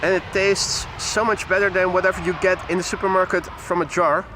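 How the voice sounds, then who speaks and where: A man's voice: high-pitched, flat delivery, brisk, background noise. A man hosting a live stream, chatting casually while commenting on arriving airplanes and greeting viewers. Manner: chatty, reads viewer comments, laughs easily. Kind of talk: live plane-spotting commentary.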